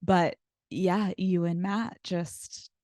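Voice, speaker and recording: Podcast guest: woman, chatty storyteller, slightly low voice, dry close studio sound. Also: steady tone, extremely slow, a little mellow, dry recording. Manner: chatty storyteller with frequent "like" fillers. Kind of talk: casual chat.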